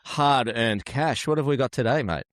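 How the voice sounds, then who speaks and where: A man's voice: mid-range voice, normal speed, dry recording, clean studio sound. A man, co-hosting a podcast with teasing, jokey banter. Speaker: podcast co-host.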